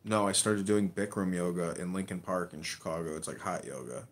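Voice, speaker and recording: A man's voice: sits low, a little fast. A man hosting a live audio chat room, brash and crude, mocking and insulting his guests. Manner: brash, crude and insulting, drawing out words to mock. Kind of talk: casual chat.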